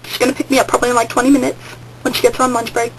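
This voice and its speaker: A woman's voice: a little high, little pitch movement, racing, a little hiss or hum, low-quality recording. A teenage girl telling a rambling story on a home webcam vlog, hyper and jumping into sudden squeals. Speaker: vlogger. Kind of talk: casual excited vlog storytelling.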